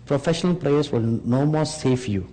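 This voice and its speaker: A man preaching a sermon, speaking slowly and emphatically and rising on rhetorical questions to his listeners. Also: mid-range voice, lively intonation, warm tone. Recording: long hall reverb.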